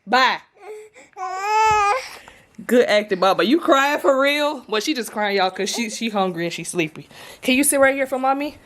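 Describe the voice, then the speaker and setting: A woman's voice: fairly high pitch, animated, brisk. A woman talking straight to her viewers in a casual home prank vlog, emphatic and repetitive, filmed on a camera set up in the room. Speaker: vlogger and mother. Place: home, indoors. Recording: loud background noise.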